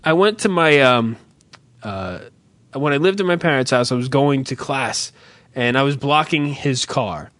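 A man co-hosting a podcast in casual, profane banter, rambling and animated as he tells stories. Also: medium pitch, a little slow, dry recording. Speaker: podcast co-host.

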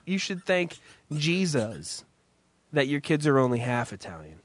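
A man's voice: mid-range voice, no echo. A man telling a rambling, profane story in casual chat with a co-host, full of restarts. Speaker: podcast co-host.

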